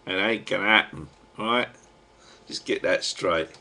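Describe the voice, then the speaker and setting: A low-voiced man with a thick Cockney accent talks to his webcam from home. He drifts from one thing to the next in a gruff, slangy ramble, throwing in the odd mild curse. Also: measured pace, sharp tone, slight background noise. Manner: chatty, digressive, gruff slang and mild swearing. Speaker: webcam vlogger. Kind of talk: rambling casual monologue to a webcam.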